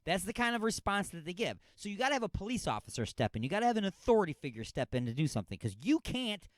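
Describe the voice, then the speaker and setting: A man's voice: sits high, sing-song, fast talker, no room sound. A man hosting a radio talk show, ranting sarcastically and scolding with exasperation about a news story.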